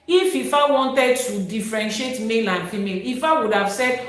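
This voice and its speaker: Yoruba-accented woman teaching in an echoey room. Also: fairly high pitch. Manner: recites verses, then explains them slowly. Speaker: Ifá teacher. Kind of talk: live-streamed religious teaching.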